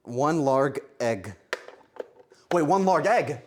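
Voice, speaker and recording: A man's voice: on the high side, animated, slow pace, a little hiss or hum. A man streaming a game live, talking to himself with frantic, joking commentary.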